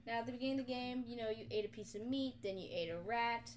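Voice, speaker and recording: A young woman co-hosting a podcast, retelling a video game in casual, animated chat full of swearing. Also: on the high side, fast talker, slight background noise. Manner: animated, profane storytelling. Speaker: podcast co-host.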